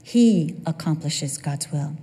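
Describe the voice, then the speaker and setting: Older woman, sermon, breathy voice, hushed to lively, long hall reverb. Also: low voice, slow. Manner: expressive, swings between soft near-whispers and excited bursts. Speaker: preacher.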